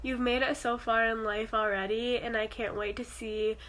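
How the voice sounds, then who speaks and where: A young woman offers advice in a recorded farewell. Her pitch is slightly high but barely moves. She speaks in a measured, almost read-aloud way. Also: little pitch movement, a bit bright.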